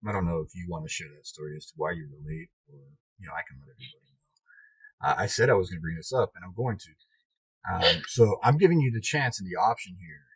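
Man, podcast host, husky, animated, swearing, casual chat, dry truck cab. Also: low-pitched, fast, dry recording, rough recording. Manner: animated storyteller, laughs a lot, swears freely. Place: inside a truck.

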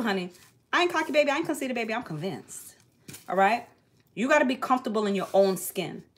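A woman, chatting blunt and sassy on a livestream wig tutorial. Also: fairly high pitch. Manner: loud sing-song greetings to viewers, sassy and blunt. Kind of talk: casual livestream chat.

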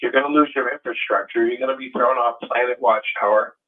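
A man's voice: medium pitch, fairly even intonation, fairly quick. Earnest man talking over a tinny phone line. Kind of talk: casual chat.

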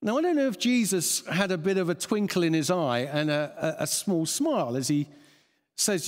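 Man, sermon, animated slightly high voice, long church echo. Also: moderate pace. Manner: lively, chuckling, thinking aloud with restarts. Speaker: preacher. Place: church hall.

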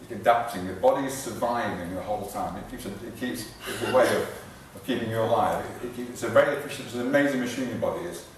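Talking fast with hardly any pauses, a fitness trainer with a mid-range voice gives an informal live talk to an audience. He repeats himself, restarts sentences and gets out of breath while exercising. The sound comes from far off in a large echoey hall.

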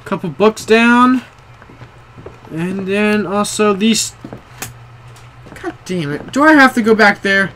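A man's voice: high-pitched, lively intonation, slow pace, long pauses, pushed and bright, a little hiss or hum. A young man playing a horror game, jumpy, swearing often and talking to himself. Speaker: gamer.

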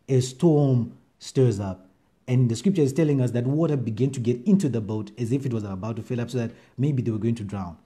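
A man preaching an online sermon during lockdown, excited and reading scripture with lively emphasis. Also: medium pitch. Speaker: pastor.

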